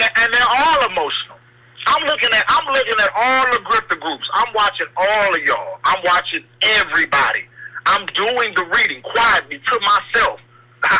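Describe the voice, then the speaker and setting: Male caller, high voice, urgent and halting, heavy line noise. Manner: impassioned, stumbling over repeated words. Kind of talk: call-in radio talk. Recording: noisy call-in line.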